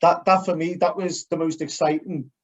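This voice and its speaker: A man's voice: fairly high pitch, flat delivery, normal speed. Blunt Liverpool man on a podcast. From Liverpool, England. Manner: blunt, swears casually. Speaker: podcast co-host. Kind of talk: casual chat. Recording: dull lo-fi podcast audio.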